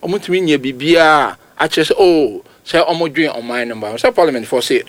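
Speaking fairly quickly in a mix of Twi and English, a male football pundit with a Ghanaian accent delivers animated radio commentary. He gets emphatic and bursts suddenly into high pitch to stress points, with no room sound audible.

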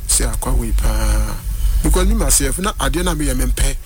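A man's voice: medium pitch, expressive, moderate pace, darkish tone. A man telling a personal story on a radio phone-in, switching between languages and often saying "yes, please". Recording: radio broadcast with music behind. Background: music.

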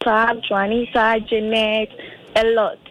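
A woman's voice: on the high side, a little slow, low-quality recording. A young woman, chatting casually and laughing often in pidgin and English. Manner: giggly, relaxed, laughs often.

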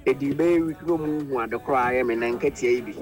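A man's voice: medium pitch, fast. A Ghanaian man telling a childhood story in a casual chat, quoting the dialogue. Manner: recounts a childhood memory with quoted dialogue. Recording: faint music underneath.

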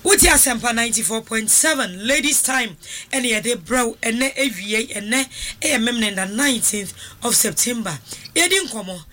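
Bright-voiced woman hosting a radio show. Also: fairly high pitch, lively intonation, a little fast. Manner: brief affirmations, mixes English with local language. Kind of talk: casual radio discussion.

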